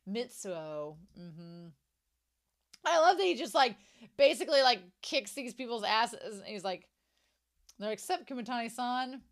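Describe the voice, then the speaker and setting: A woman's voice: fairly high pitch, animated, measured pace, long pauses. A young adult woman recapping an anime episode in casual, chatty talk, full of "like" fillers and gushing reactions.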